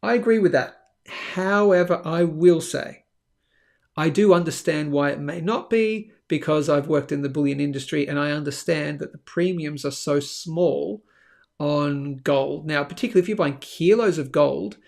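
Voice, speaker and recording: A man hosts a live show in a relaxed, chatty way. He keeps checking in with the audience as he talks. His voice sits a little high and has a gravelly edge. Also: normal speed. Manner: chatty, animated, lots of "okay?" asides. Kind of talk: casual live-stream talk with sponsor reads.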